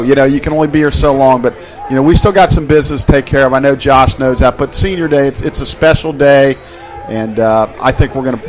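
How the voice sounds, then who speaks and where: A man's voice: mid-range voice, poor audio. A man doing color commentary on a college football broadcast, talking in a folksy, conversational way with frequent fillers.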